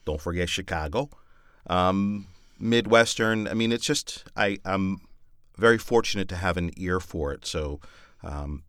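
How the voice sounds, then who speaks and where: A man with a very low, deep voice chats loosely about his narration work, wandering through his thoughts with frequent fillers. The sound is dry and close, with no room around it. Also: measured pace, fairly bright tone, clean tone, no room sound. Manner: thoughtful, rambling with many fillers. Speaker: audiobook narrator. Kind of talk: casual podcast chat.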